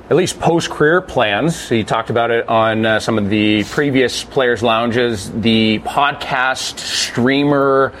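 A young man hosts a laid-back podcast chat with an easy, joking manner. His voice sits in an ordinary middle register. A faint hum of room noise runs underneath. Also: mid-range voice. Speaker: podcast host.

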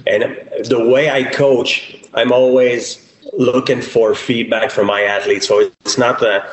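A man's voice: medium pitch, little pitch movement, unhurried, slight background noise. A man who trains athletes, speaking earnestly in an interview and often restarting his phrases. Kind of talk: interview recollection. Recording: echoey room.

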